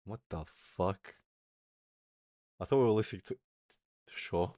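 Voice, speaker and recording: A man's voice: low voice, measured pace, long pauses, mellow, dry recording, clean studio sound. A man streaming live, bantering crudely and mocking himself, laughing often and answering viewers' comments. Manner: chats back to viewers' comments. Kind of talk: casual live-stream chat.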